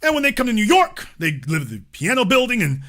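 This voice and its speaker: Animated, bright-voiced man ranting emphatically. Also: extremely high pitch. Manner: emphatic, rhetorical questions, drawn-out stresses, swearing. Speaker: host of a political commentary show. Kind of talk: impassioned political commentary.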